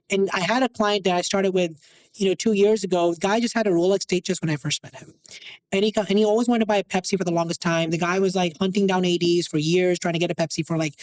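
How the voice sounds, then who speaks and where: Fast-talking man telling a lively story. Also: high voice, low-quality recording. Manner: animated, acts out quoted dialogue. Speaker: watch dealer, guest. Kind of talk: casual interview storytelling.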